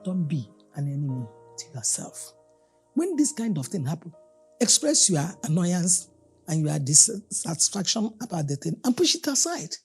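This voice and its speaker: A woman's voice: fairly low pitch, moderate pace, slightly rough, soft background music. A woman pastor preaching a sermon, telling everyday stories and acting out the people in them. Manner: animated storyteller, acting out the people in her stories. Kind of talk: storytelling sermon.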